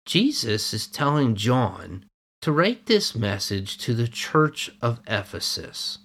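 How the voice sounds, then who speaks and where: A man preaching a sermon in a measured, emphatic way, leaning hard on key words. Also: mid-range voice, very animated, fairly bright tone, slightly rough.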